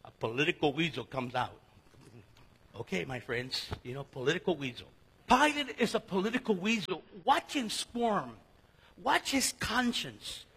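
A man's voice: fairly high pitch, animated, moderate pace, fairly bright tone, breathy edge. A man preaching a sermon with Bible teaching, telling stories animatedly with jokes and asides. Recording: long hall reverb.

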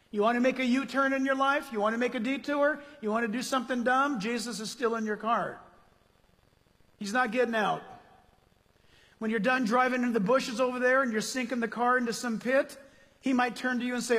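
A male pastor preaching a sermon in an animated, conversational way, full of rhetorical questions. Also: extremely high pitch, moderate pace. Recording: long hall reverb.

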